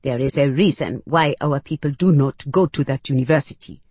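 A woman voicing a stern, protective mother who gravely warns her daughter, in a storybook reading. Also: extremely low pitch, moderate pace, warm tone, dry recording. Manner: grave, warning.

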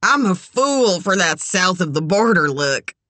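A woman voicing a crude, drunk man in his forties who talks loudly and leeringly. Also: on the low side, sing-song, measured pace, dry recording, exaggerated voice.

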